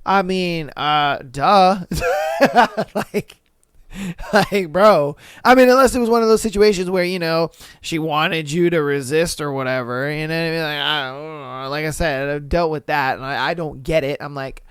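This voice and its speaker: A man's voice: on the high side, unhurried, fairly bright tone, clear, resonant tone, no echo, clean studio sound. A young man hosting a podcast, reacting to listener stories in a loose, slangy way, swearing and laughing often. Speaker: podcast host. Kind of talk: casual podcast commentary reading listener stories.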